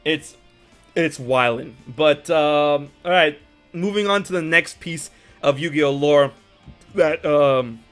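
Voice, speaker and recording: A man hosting a podcast, casually retelling anime scenes in an animated, swearing storyteller's manner. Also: on the high side, slow, faint music behind. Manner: animated storyteller, acts out characters, swears freely. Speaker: podcast host.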